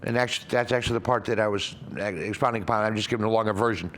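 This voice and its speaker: A man's voice: fairly low pitch, very fast, a bit bright, slight background noise. A man hosting an explanatory talk, earnest and rambling with many restarts. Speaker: host. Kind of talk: explanatory talk on religious ideas.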